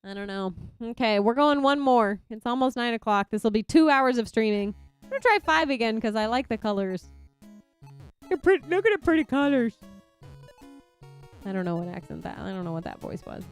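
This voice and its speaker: A young Texan woman streaming a game and chatting casually, reacting loudly to her viewers. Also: on the high side, a little fast, clean tone, soft background music. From Texas. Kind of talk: casual chat while gaming.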